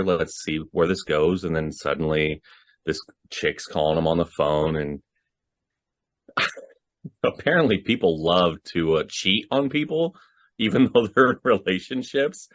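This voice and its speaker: A man's voice: low voice, no room sound, clean studio sound. A man co-hosting a casual podcast about horror movies, talking animatedly, swearing and laughing often. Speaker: podcast co-host.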